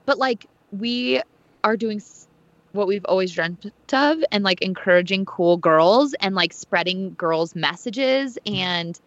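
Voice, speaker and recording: A woman's voice: medium pitch, lively intonation, slow, no echo, muffled recording. A woman in her thirties co-hosting a podcast, chatting in an enthusiastic, gushing way with frequent laughs. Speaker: podcast co-host. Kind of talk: casual chat.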